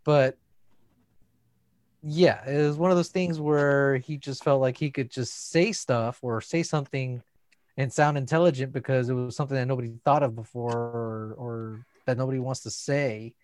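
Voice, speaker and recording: A man in relaxed podcast chat, reacting with short comments and laughs. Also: mid-range voice, normal speed, no echo, clean studio sound. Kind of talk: casual chat.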